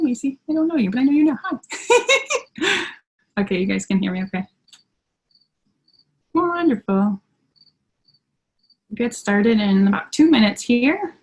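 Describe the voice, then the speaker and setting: A woman's voice: fairly high pitch, a little mellow, poor audio. Chatty upbeat woman with a Yooper lilt. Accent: Upper Michigan. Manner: chatty and upbeat, laughs often, self-mocking. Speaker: host of a team training call. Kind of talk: casual live video call chat. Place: at home by a window. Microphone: computer on a video call.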